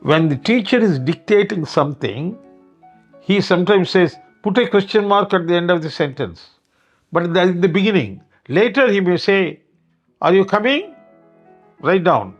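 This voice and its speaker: An older man with an Indian English accent giving a grammar lecture, speaking deliberately and acting out example sentences with varied intonation. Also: high-pitched, expressive, highs cut off, soft background music. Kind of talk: classroom lecture.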